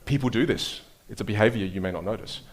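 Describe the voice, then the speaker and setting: An Australian man coaching speech at a live workshop, energetic, emphatic and playful. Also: fairly low pitch, fast talker.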